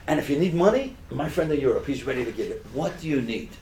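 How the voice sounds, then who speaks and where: A man voicing a boastful, persuasive benefactor in a sermon story, in a slightly lower, quieter tone. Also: animated, fast talker, vocal fry, reverberant, a little hiss or hum.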